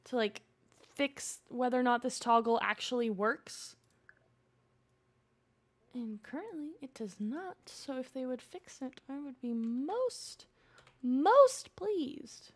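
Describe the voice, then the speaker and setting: A young woman streamer chatting casually through a life-simulation game. Her voice sits high, with a gravelly fry at the ends of phrases. She talks to her viewers and coaxes her game characters along. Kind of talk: casual gameplay commentary.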